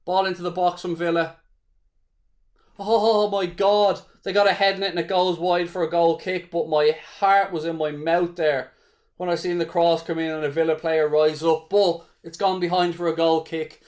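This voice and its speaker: A man's voice: on the high side, flat delivery, moderate pace, a little mellow. A man with an Irish accent hosting a live football watchalong, calling the play as a fan, swearing freely and chatting with viewers. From Ireland. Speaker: watchalong host.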